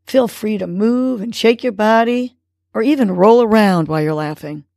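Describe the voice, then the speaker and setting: A woman hosting a podcast, calmly guiding listeners through breathing exercises and affirmations. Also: mid-range voice, vocal fry, dry recording, clean studio sound. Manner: slow, calm guiding delivery. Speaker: podcast host.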